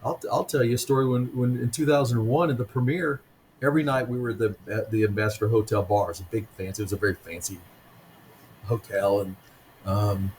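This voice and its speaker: A man in his fifties, a guest author telling stories in a conversational interview, speaking haltingly with frequent ums and restarts. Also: fairly low pitch, steady tone, a little mellow, slight background noise, rough recording. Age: 50s.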